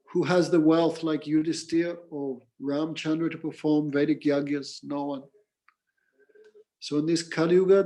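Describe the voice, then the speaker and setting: Man teaching scripture, fairly high voice. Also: warm tone. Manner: plain, patient explaining, breaks into mantra chanting. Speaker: spiritual teacher. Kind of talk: scripture class with storytelling.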